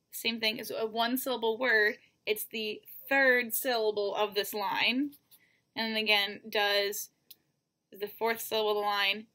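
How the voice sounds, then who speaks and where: Patient woman teacher, slightly high voice. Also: bright, forceful tone. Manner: patient, counts out syllables one by one; addresses students directly. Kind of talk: recorded lesson explanation.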